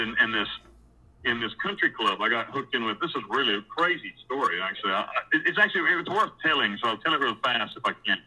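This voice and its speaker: A man's voice: mid-range voice, breathy edge, low-quality recording. A man telling his own story in a casual, rambling way, with blunt and profane words and many restarts and repeated words. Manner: animated when recounting scenes.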